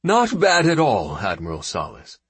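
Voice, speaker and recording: A man voicing a seasoned male fleet admiral who speaks in a measured, wry way. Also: fairly low pitch, wildly swooping pitch, a bit bright, breathy edge, no echo, full character voice.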